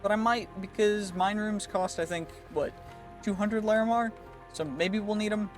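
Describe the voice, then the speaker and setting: Chatty man narrating gameplay over music. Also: sits high. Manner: chatty, thinks aloud while playing, quick reactions. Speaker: gaming channel host. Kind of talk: gameplay commentary. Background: background music.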